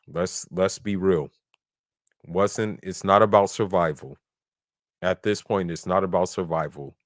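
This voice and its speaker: A man's voice: low voice, dry recording, studio quality. A man in a casual podcast discussion who talks bluntly and argues his points, at times reciting verses in Arabic. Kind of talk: casual debate talk.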